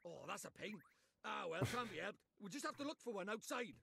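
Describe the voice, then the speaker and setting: A man's voice: high voice, expressive, fairly quick, vocal fry, pushed and bright, breathy edge, exaggerated voice. A man with a Welsh accent voicing a small, cheeky male fairy who teases and bosses people around in a video game. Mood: teasing. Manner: teasing, bossy.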